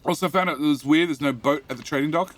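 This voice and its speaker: An Australian man live-streaming a game, his voice sitting a little high and sounding bright and forceful. He rambles along, repeats phrases and drops into low mutters while he works, with faint music playing behind him. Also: quick pace. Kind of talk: casual live-stream commentary, answering chat.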